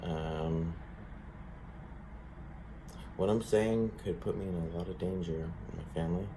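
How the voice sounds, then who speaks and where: Low-voiced man rambling earnestly to camera. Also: fairly even intonation, measured pace, background noise. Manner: rambling, heavy swearing, many fillers. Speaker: vlogger. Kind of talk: casual monologue to camera.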